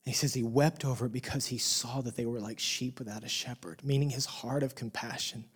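A man preaching a sermon as pastor, impassioned, rising to loud emphasis and dropping to hushed near-whispers. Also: medium pitch, steady tone, a little fast, slightly rough.

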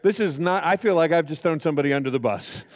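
A man's voice: a little high, fast, some chatter behind. A middle-aged male pastor preaching a chapel sermon, joking and acting out the voices in his stories. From United States. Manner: storytelling, jokey, acts out quotes. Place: college chapel. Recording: reverberant hall.

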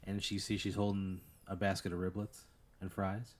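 Guy narrating a goofy made-up scenario, kinda low voice, lots of "like" and laughing. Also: completely flat delivery, normal speed. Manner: rambling, laughing, lots of "like" fillers. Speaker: game master. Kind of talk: narrating an improvised tabletop scenario.

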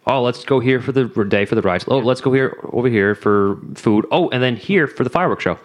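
A man chatting casually with a laid-back, drawn-out way of talking. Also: medium pitch. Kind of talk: casual chat.

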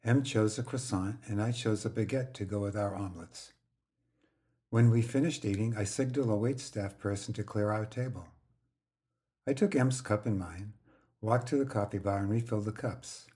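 An older man hosting a podcast, telling a personal story in the first person, quietly and gently. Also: fairly low pitch, moderate pace. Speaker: podcast host.

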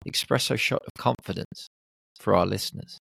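A man's voice: fairly low pitch, normal speed, vocal fry, fairly bright tone, slightly rough, dry recording. A man hosting a podcast interview, upbeat and affirming, closing with his usual sign-off. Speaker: podcast host.

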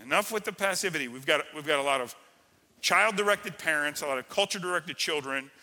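A man preaching a sermon as pastor, energetic and full of call-and-response to the congregation. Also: a little high, fast talker, big-room sound. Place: church sanctuary.

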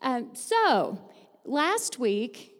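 Chatty high-voiced woman in teacher voice. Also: very animated, very slow. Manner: teacher-voice, upbeat and chatty, laughs easily. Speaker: fourth-grade teacher giving a church talk. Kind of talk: lively church devotional with audience participation. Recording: long hall reverb.

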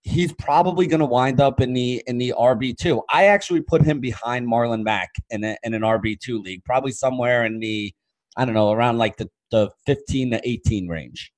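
A man's voice: medium pitch, fairly quick, darkish tone, dry recording, low-quality recording. A man co-hosting a casual fantasy sports podcast, breaking down rankings with a few hesitations. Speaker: podcast co-host.

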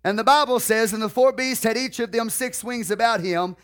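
A man preaching a sermon, repeating key phrases in a drawn-out, deliberate way and putting questions to the congregation. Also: very high voice.

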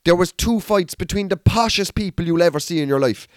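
Ranting Irish comedian, slightly high voice. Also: male voice, brisk, no echo, studio quality. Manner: blunt, profane, animated storytelling. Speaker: stand-up comedian and podcast host. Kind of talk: comic rant.

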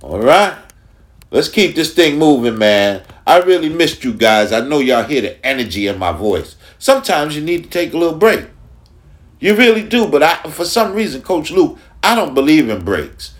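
A man from Long Island, New York, hosts a casual sports talk podcast, speaking with emphasis and repeating phrases for effect. His voice is a little high and sing-song, at a normal speed.

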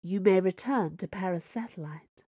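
A woman voicing a smooth, cunning female cardinal who speaks in a poised, purring way. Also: on the low side, normal speed, no room sound, phone-quality sound. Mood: dismissive.

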